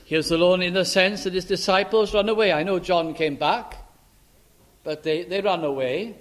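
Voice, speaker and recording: High-voiced man preaching a sermon. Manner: slow, emphatic scripture reading with rhetorical questions.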